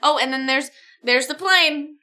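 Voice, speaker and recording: A woman's voice: high voice, unhurried, bright, forceful tone. A young woman streaming a choose-your-own-adventure reading, chatty, breaking off with laughing asides. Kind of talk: live-stream story reading.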